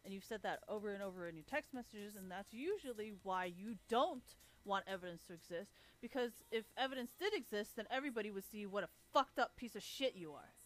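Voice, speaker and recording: A woman's voice: mid-range voice, animated, a little fast, few pauses, faint music behind. A woman livestreamer delivering a blunt, sarcastic, heavily profane rant. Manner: blunt, sarcastic, swears constantly. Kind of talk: profane ranting monologue.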